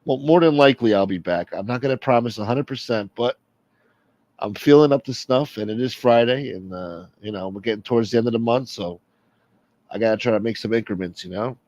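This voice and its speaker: A man's voice: medium pitch, fairly quick, a little mellow, no room sound. A man hosting a casual livestream, rambling and joking as he reads out chat. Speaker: livestream host.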